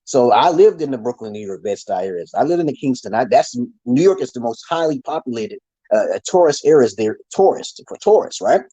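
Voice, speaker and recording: Husky, ranting man with a lively voice. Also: medium pitch, fairly quick, rough recording. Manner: ranting, heavy swearing, many restarts. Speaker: channel host. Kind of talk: rambling profane monologue to viewers.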